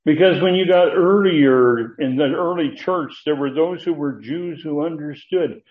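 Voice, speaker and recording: A man's voice: fairly high pitch, measured pace. A man preaching an expository sermon, explaining Greek grammar with frequent fillers and rising emphasis. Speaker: preacher teaching Bible study. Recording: tinny phone-like line.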